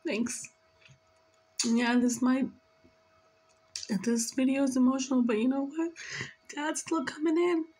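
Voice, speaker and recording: A tearful woman speaks through an emotional spiritual reading, her voice pitched high. She talks slowly and earnestly, pleading and scolding by turns. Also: steady tone, darkish tone, poor audio. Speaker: spiritual reader.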